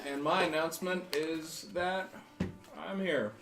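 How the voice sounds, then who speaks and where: A man introducing himself as a player on a live tabletop game stream, playful with deadpan jokes. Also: on the high side, a little slow, echoey room. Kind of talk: casual live-stream chat.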